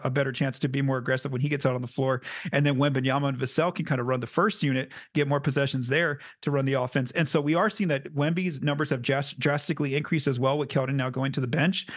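Solo podcast host, male, quick delivery with lots of "um"s and restarts, slightly high voice, dry close recording. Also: dry recording. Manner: fast-talking with frequent fillers and restarts. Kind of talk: solo sports podcast analysis.

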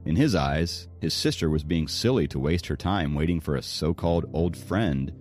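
A man narrating an audiobook with expressive storytelling. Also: a bass voice, moderate pace, faint music behind. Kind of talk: scripted narration.

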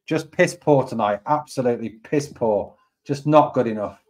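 A man's voice: mid-range voice, moderate pace, a little mellow. A man hosting a live fan stream, reacting to a match result. He sounds angry and deflated, repeats himself and swears a lot. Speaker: fan channel host.

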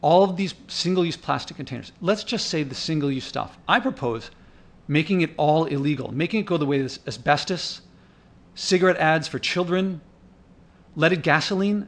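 Male vlogger, slightly high voice, indignant off-the-cuff commentary, rambling with restarts. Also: lively intonation, moderate pace. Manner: thinking aloud, with restarts. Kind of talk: casual narrated commentary over park footage.

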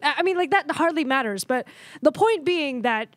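A woman's voice: high-pitched, expressive, moderate pace, no echo. A woman podcast host telling a childhood story in casual chat, acting out the voices she quotes.

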